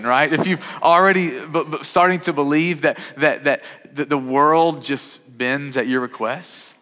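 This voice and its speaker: A pastor in his thirties preaches with a lively, conversational flow, stumbling over and repeating his words as he goes. His voice is slightly high and sharply bright. The sound carries a long reverberation from a church sanctuary. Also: measured pace, hardly any pauses. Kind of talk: sermon. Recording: reverberant hall.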